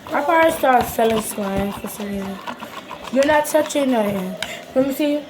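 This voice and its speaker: A woman's voice: fairly high pitch, animated, moderate pace, noisy background. A woman with a Washington DC accent, chatting casually as she talks viewers through a how-to video in a slangy, rambling way. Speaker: vlogger.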